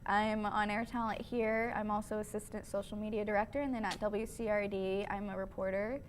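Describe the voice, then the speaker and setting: A woman's voice: medium pitch, steady tone, fairly quick, noisy background. A young woman who works as a radio reporter and anchor, chatting as an easygoing guest who giggles often. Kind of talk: casual chat.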